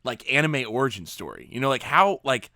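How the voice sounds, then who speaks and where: A man's voice: medium pitch, big pitch swings, fairly quick, pushed and bright, dry recording, studio quality. A man hosting a podcast, chatting in an enthusiastic, slangy way. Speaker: podcast host. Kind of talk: casual podcast chat.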